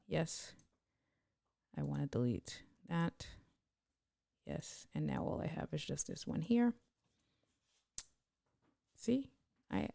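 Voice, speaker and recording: A woman live streamer giving a casual tutorial on streaming software, chatting as she clicks and greeting viewers by name. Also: lowish voice, creaky, dry recording.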